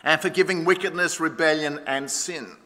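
A middle-aged Australian man preaches in a bright, high voice. He hits key words hard, then drops to a near hush. His voice rings through a church hall with a long reverb. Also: moderate pace. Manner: emphatic preaching, swinging between loud stresses and hushed lines. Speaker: pastor. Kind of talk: sermon.

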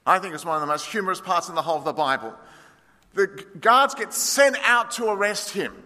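A man preaching an expository sermon, storytelling with dramatic swings between loud and hushed delivery. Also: sits high, animated, a little fast. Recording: long hall reverb.

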